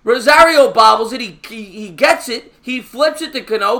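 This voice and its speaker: A man hosting a live stream, giving fan play-by-play of a baseball game. He is chatty and answers viewer comments between pitches, and he gets excited and raises his voice on big plays. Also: normal speed, few pauses.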